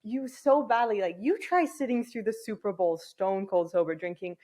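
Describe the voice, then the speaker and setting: A woman's voice: medium pitch, moderate pace, darkish tone. A young woman from England, a podcast guest in casual chat, talking candidly with frequent swearing and laughter. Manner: candid, profane, laughs often, acts out her own thoughts.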